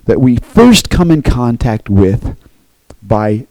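A man's voice: mid-range voice, very animated, slow, warm tone, no room sound, low-quality recording. A man preaching a sermon as pastor, earnest, often checking in with the congregation by asking "okay?".

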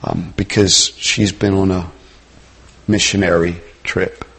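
A middle-aged man preaching a sermon in a conversational way, rising to loud emphasis and dropping to quiet asides. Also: sits low, level tone, takes it slowly, slightly rough.

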